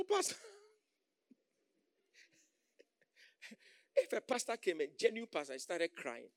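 Gravelly high-voiced preacher man. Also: huge pitch swings, extremely slow, long pauses, no room sound, studio quality. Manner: call-and-response, acts out quoted voices, swings loud and soft. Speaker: pastor. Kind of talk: sermon.

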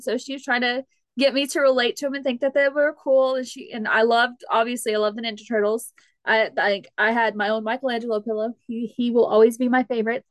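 Co-host, woman, bright higher voice, chatty and animated, dry close recording. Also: dry recording. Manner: chatty, animated, laughing asides. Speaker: podcast co-host. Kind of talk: casual chat.

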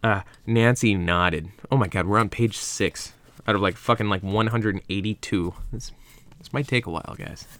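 A man's voice: lowish voice, normal speed, fairly bright tone. A young man reading a book aloud, rambling off into profane asides and drinking vodka as he goes, into a computer mic at a desk. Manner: rambling, profane, self-interrupting. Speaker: reader and host.

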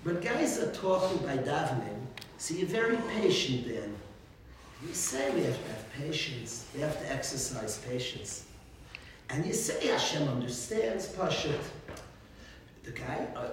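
A man, a rabbi, giving an informal religious talk full of animated stories and frequent chuckles. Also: on the high side, unhurried, a crowd in the background. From United States. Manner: animated storytelling, chuckles often. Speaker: rabbi teaching a class. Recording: very echoey room, distant mic, faint noise.

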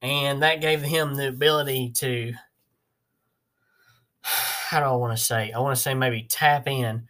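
A man's voice: medium pitch, fairly even intonation, a little slow, pauses often, bright, forceful tone. A man hosting a casual podcast, rambling and self-mocking. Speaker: podcast host.

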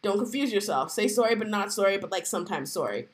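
A woman's voice: mid-range voice, animated, quick pace. A woman in her thirties hosting a solo podcast, talking in a chatty, wry way and laughing often. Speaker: podcast host.

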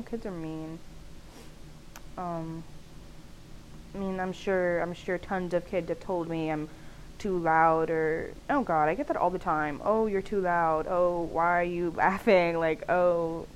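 A woman's voice: fairly low pitch, poor audio. Chatty young woman with faint hiss. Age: young adult. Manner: chatty and candid, many "like" fillers, frequent laughs. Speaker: podcast host. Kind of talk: casual solo podcast monologue.

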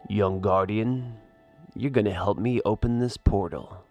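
A dark, mysterious villain lord speaks slowly and quietly, as if every word is an order, as a man puts him on. His voice sits low. Soft music plays underneath. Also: highs cut off. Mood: menacing. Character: dark mysterious male villain called Master.

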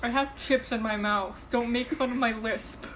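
A teenage girl co-hosting a casual podcast, rambling, deadpan and swearing freely. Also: a little high, moderate pace, a little hiss or hum, poor audio. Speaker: podcast co-host. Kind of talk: casual chat.

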